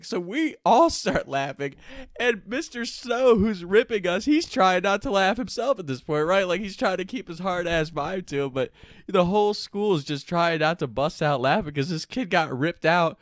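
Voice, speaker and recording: A man's voice: high-pitched, no room sound, studio quality. A man hosting his own show, telling a story in a loose, casual way with lots of swearing and fillers. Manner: laid-back, profane, rambling with many fillers. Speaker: host.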